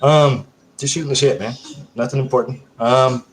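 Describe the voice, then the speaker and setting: A man's voice: mid-range voice, fairly even intonation, normal speed, low-quality recording. A man casually hosting a livestream, rambling and swearing while he reads viewer comments aloud. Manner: rambling, profane, hyper. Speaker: livestream host.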